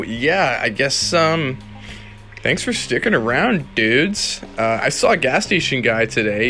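A man's voice: mid-range voice, bright, forceful tone. A young man hosting a casual solo podcast, rambling and profane, laughing now and then as he talks. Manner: rambling, profane, laid-back, laughs often. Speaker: podcast host.

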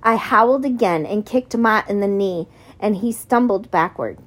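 A woman narrating a novel in the first person, in measured storytelling. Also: mid-range voice, a bit bright. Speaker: audiobook narrator.

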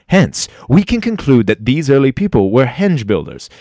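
An earnest archaeologist who plods through his findings, as a man plays him in a comedy sketch. His pitch swings in a very animated way. The recording is dry. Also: moderate pace, no echo. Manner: earnest, plodding, repeats henge. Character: pompous English archaeologist knighted, middle-aged man.

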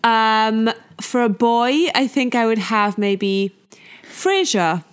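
A woman co-hosting a podcast in casual chat, unhurried and thinking aloud with ums. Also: a little high, expressive, clean tone. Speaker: podcast co-host.

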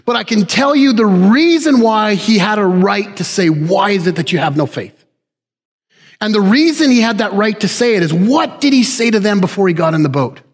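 A man with a notably high voice preaches a sermon, dropping low and quiet, then rising to forceful shouted emphasis. His voice rings with the long reverb of a big church hall. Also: very animated, moderate pace. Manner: dynamic preaching, swinging from low hushed lines to loud emphatic shouts.

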